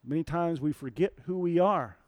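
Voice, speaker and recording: A man's voice: a little high, moderate pace, no room sound, clean studio sound. A man preaching a sermon, telling a story and asking the audience questions.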